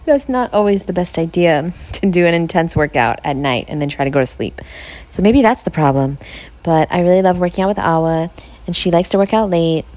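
A lowish, dark-toned female voice belongs to a podcast host talking casually from home, on the living room couch with a podcast mic. She comes across as tired and upbeat, often breaking into laughter.

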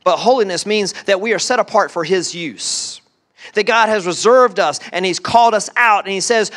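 Speaking at a normal speed in a high-sitting voice, a pastor preaches an animated sermon full of rhetorical questions, now and then dropping into quiet asides.

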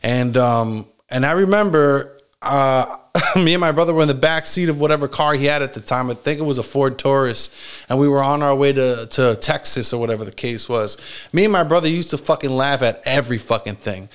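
A man telling a long story from his childhood in a casual, rambling way, swearing often and filling pauses with "like" and "you know". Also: mid-range voice, clear, resonant tone. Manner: rambling, heavy swearing, frequent fillers and laughs.

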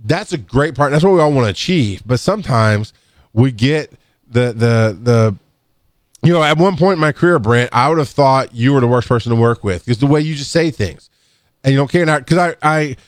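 A middle-aged man tells work stories over a close, dry microphone. He rambles, restarts his sentences, and lifts into a higher voice to mimic the people in his stories. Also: animated, a little fast, no echo. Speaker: podcast co-host, EMS worker. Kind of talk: casual storytelling chat. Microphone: studio microphone.

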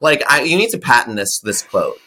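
A man talking as a podcast guest in a gossipy, animated way, laughing a lot. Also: medium pitch, a little fast, slight background noise. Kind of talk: casual podcast chat.

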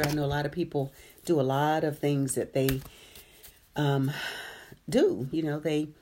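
A woman's voice: low voice, dark tone, slight background noise. A woman hosting a live meditation stream, talking casually and reacting to viewers' comments with easy laughter.

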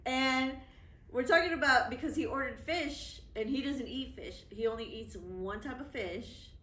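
Brash young woman co-host, higher voice, cussing through a funny story; roomy, off-mic sound. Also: moderate pace. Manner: loud, profane storyteller, bursts of laughter. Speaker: podcast co-host. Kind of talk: casual chat. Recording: echoey room, mic at a distance.

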